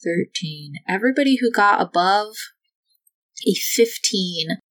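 A woman narrating a tabletop game as game master in a slow, atmospheric way. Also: medium pitch, lively intonation, fairly bright tone, poor audio.

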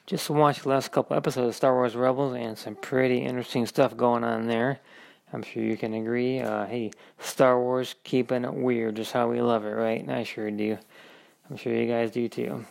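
Male caller from Florida, very gravelly voice, upbeat, rambling message with fillers. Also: medium pitch, a little mellow. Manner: upbeat, chatty, with many fillers. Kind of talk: recorded voice message.

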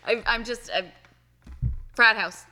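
A woman's voice: fairly high pitch, takes it slowly, a crowd in the background, low-quality recording. A middle-aged woman co-hosting a drink tasting, chatting casually, laughing and swearing freely. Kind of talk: casual chat.

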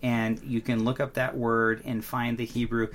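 A man's voice: medium pitch, level tone, moderate pace. Earnest male Bible podcast co-host. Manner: earnest, explanatory, frequent restarts. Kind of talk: casual Bible study podcast chat.

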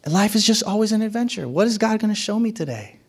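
A man's voice: expressive, fast talker, slightly rough. A man preaching a sermon, emphatic and repetitive, sometimes dropping his voice to a whisper and sometimes rising sharply. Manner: emphatic, repeats key phrases, pitch swings widely.

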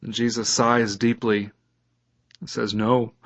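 A man's voice: mid-range voice, moderate pace, a bit bright, muffled recording. A man preaching a sermon as a pastor, reading scripture aloud and putting questions to his listeners.

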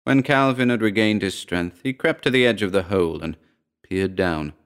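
Deep-voiced male story narrator. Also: clear, resonant tone. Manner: steady, measured reading.

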